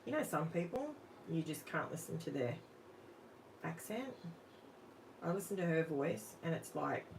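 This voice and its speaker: A middle-aged Australian woman with a slightly low voice chats away to her live-stream viewers as she crafts. She talks straight to the people in the chat in an easygoing, talkative way, and a faint hum of room noise sits behind her. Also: sing-song, a little slow, gravelly, pauses often. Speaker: craft channel host. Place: home craft room under overhead lights.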